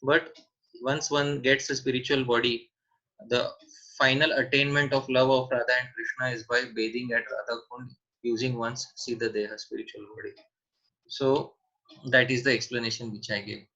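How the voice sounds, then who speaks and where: A man's voice: medium pitch, flat delivery, normal speed, bright, forceful tone, lo-fi sound. A man teaching a scripture seminar online, answering questions and repeating key points with emphasis.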